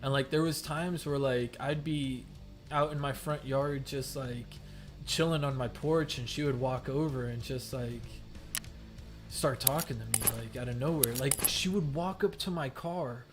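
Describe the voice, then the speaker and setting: A man's voice: mid-range voice, unhurried, music in the background. A young adult man streaming a game, telling a rambling story full of "like" fillers and swearing. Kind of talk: casual storytelling. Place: home gaming setup.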